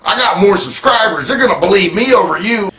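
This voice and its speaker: A man putting on a high, loud, taunting voice to mock a smug atheist vlogger. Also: animated, a little fast, echoey room, poor audio.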